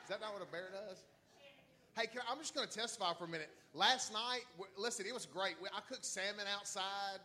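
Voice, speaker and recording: A high-voiced, bright-toned middle-aged pastor with a drawl tells a story from the pulpit. He is excitable and laughs often, dropping to quiet asides and then bursting into shouts. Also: brisk. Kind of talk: animated church storytelling.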